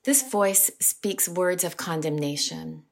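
American lady preacher, middle-aged, slow and gentle, bit low voice. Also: expressive. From United States. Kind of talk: gospel reading and short sermon.

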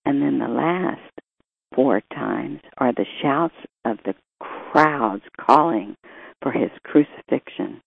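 A priest reading the gospel and giving a measured, reflective homily that quotes scripture and scholars. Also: male voice, medium pitch, animated, creaky, husky, dry recording. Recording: tinny phone-like sound, dry.

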